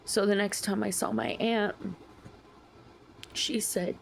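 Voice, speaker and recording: A young woman vlogging a personal story, slow and emotional, sometimes dropping to a whisper. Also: mid-range voice, little pitch movement, gravelly, slight background noise, poor audio.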